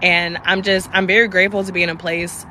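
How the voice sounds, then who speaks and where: A young woman on a casual live stream speaks fast in a lowish voice with little pitch movement, over a faint hiss or hum. Candid and profane, she talks emphatically, moving between passionate and softer moments.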